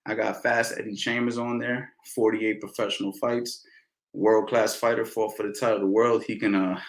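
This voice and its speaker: A man coaching boxing in a casual question-and-answer session, talking in a relaxed way and often adding "you know" and "man". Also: lowish voice, reverberant, rough recording. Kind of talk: casual Q&A instruction.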